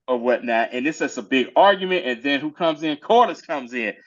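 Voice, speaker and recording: A man with a fairly high voice chats loosely about a TV episode, full of slang and quick acted-out lines from the characters. The sound is dull and lo-fi, like a cheap podcast setup. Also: sing-song. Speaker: podcast co-host recapping a TV episode. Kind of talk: casual chat.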